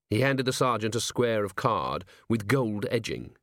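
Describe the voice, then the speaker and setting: A man narrating an audiobook in a measured, wry storytelling manner. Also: lowish voice, sing-song, fairly bright tone, no room sound, clean studio sound. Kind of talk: scripted narration.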